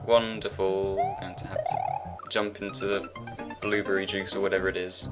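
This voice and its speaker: A man's voice: sits low, little pitch movement, normal speed, loud music behind the voice. A man giving rambling, self-mocking commentary while he plays a video game, talking half to himself. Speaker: let's play gamer.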